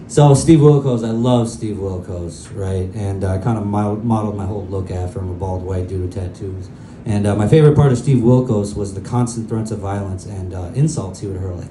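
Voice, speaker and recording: A stand-up comedian rambles through crude stories at his own expense during a club set, speaking briskly in a fairly low voice. The recording has a roomy sound, faint club ambience, and a noisy background.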